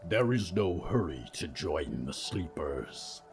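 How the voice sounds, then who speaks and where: A man voicing a towering, solemn frog creature who speaks slowly with a rumbling, hissing growl. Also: sing-song, faint music behind, exaggerated voice. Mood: grave. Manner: slow, measured, formal speech.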